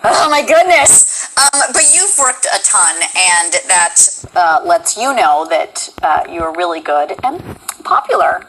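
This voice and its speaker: A woman's voice: lowish voice, very animated, measured pace, fairly bright tone, a little hiss or hum, rough recording. A woman hosting a casual interview chat as an eager, enthusiastic fan. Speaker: stream host and voice actress.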